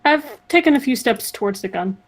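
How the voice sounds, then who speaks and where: A woman's voice: a little high, lively intonation, a little fast, poor audio. Polite woman playing a tabletop game. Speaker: player. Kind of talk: casual chat in a tabletop game.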